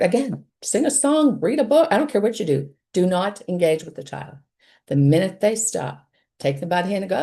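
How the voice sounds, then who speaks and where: A woman's voice: on the low side, dark tone. A woman hosting a parenting show, giving emphatic, no-nonsense advice with dismissive asides. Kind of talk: blunt advice monologue.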